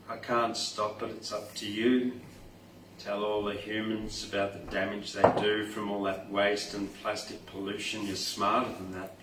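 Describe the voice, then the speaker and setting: A man voicing a grieving young sea turtle in a poem, slow and sorrowful, a bit lower than his own reading voice, heard from a distant mic in a roomy space. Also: a bit bright, slight background noise.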